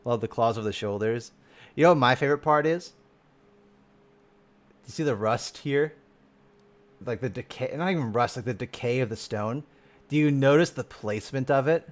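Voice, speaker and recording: Here a man reacts to game content during a live stream, his medium-pitched voice at a moderate pace broken by long pauses. The chat is casual and excitable, with free swearing and frequent trailing off and restarting.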